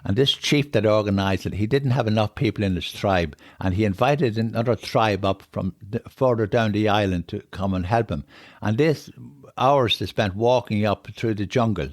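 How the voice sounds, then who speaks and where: This is an older man from Ireland with a lowish, slightly mellow voice at normal speed, recorded cleanly in a studio with no echo. He's a podcast guest telling rambling travel stories conversationally, repeating himself often, leaning on "on it," and becoming emotional at touching moments.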